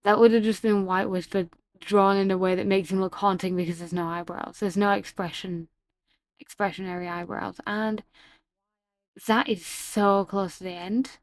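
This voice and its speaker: Woman, chatty voiceover, excitable, self-deprecating, dry close sound. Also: medium pitch, moderate pace, no room sound. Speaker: animator narrating her work. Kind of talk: casual voiceover commentary. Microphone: home voiceover mic.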